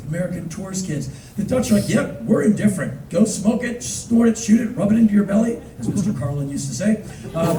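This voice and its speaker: Brief: male spoken-word storyteller, lively and raised in pitch, heard from far off in a roomy hall with audience noise. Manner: animated, acts out voices, loud bursts. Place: theater stage before an audience. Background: audience laughter.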